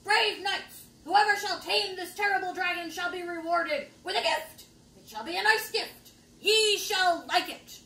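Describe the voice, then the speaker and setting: A woman's voice: extremely high pitch, a little slow, pushed and bright, roomy sound, full character voice. A woman reading out a pompous king's royal proclamation in a grand, formal voice. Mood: proclaiming.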